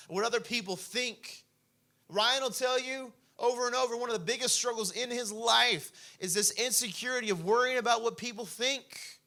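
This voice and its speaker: A young male pastor with a high, sharp, bright voice preaches a sermon. He talks casually, scattering "like" through his lines, and swings between a chatty storyteller's tone and impassioned preaching. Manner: casual, peppered with "like".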